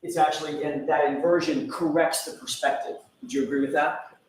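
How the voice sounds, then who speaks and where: A man working as a trial attorney, questioning a witness in a measured, formal way. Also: a little high, fairly even intonation. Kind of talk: courtroom questioning. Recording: roomy courtroom audio with faint noise.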